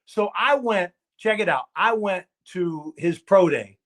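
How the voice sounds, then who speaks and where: In an animated live stream interview, a man who coaches football recounts stories at a measured pace with a high-pitched, somewhat bright voice. He repeats himself for emphasis and rallies listeners with "okay?" and "I'm gonna tell you what."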